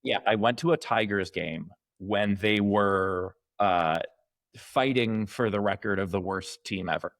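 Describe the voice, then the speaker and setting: A man with a lowish voice makes his case on a podcast, pressing his points hard and sometimes belting out a mock cheer. The sound is dry and close, with no room around it. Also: unhurried, a bit bright, dry recording. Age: late 30s to early 40s. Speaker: podcast co-host. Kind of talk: casual opinion chat.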